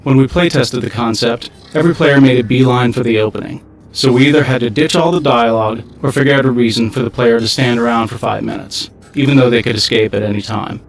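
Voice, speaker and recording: Man, game developer, matter-of-fact commentary, mid pitch. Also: quick pace, low-quality recording.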